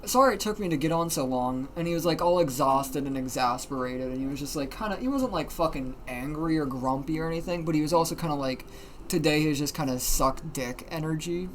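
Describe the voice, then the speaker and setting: A livestreamer telling a story in casual, animated talk, swearing often and using plenty of fillers. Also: medium pitch, fairly quick, slight background noise. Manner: animated, profane, many fillers.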